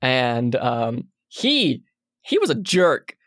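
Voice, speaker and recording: A woman co-hosting a casual podcast, who also runs tabletop games and tells stories with animated, acted-out quotes. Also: a bass voice, extremely slow, no room sound, studio quality. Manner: animated storytelling, acts out quotes. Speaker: podcast co-host and game master.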